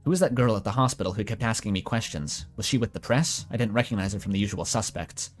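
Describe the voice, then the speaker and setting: A man voicing a cold, calculating female sea-creature mayor who speaks in a flat, terse way. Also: fairly low pitch, fast talker, faint music behind, natural voice.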